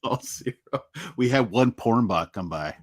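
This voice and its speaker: A man co-hosts a relaxed movie podcast, laughing often and dropping casual swears. His voice swings lively up and down as he recalls favorite scenes. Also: on the low side, moderate pace, husky. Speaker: podcast co-host. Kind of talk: casual movie review chat.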